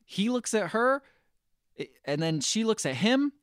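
This man tells the story of a movie with plenty of bounce, his pitch rising and falling. He slips into quick voices for the characters. The sound is dry and close to the mic. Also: smooth, dry recording. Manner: animated storyteller, acting out scenes in voices. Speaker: podcast co-host. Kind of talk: casual movie recap chat.

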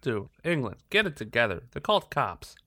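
A man with a bright, forward tone banters on a podcast, joking and laughing often. His voice sits at a middle pitch. The recording is dry and close. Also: sing-song, fairly quick, dry recording. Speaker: podcast co-host. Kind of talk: casual chat.

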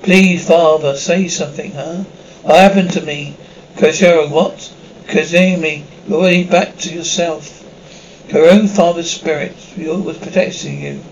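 A man reads a full episode script aloud, sound cues included, in one plain voice that stumbles and restarts now and then. His voice sits a little high for a man. The recording is dull and lo-fi, with a faint hiss. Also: steady tone, measured pace. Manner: reads every part and the stage directions in one plain voice, with slips and restarts. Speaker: script reader.

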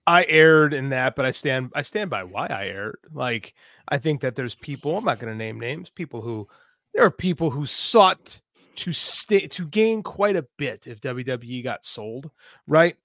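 A man's voice: medium pitch, lively intonation, a little slow, a bit bright, dry recording, studio quality. A man co-hosting a casual podcast chat, impassioned and a bit preachy, telling stories as he goes. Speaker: podcast co-host.

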